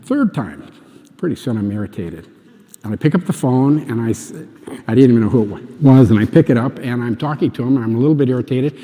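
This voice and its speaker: A man's voice: medium pitch, expressive, fast, mellow, in a large hall. A man earnestly telling a personal faith testimony, emotional and acting out the dialogue. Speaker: speaker giving a faith testimony.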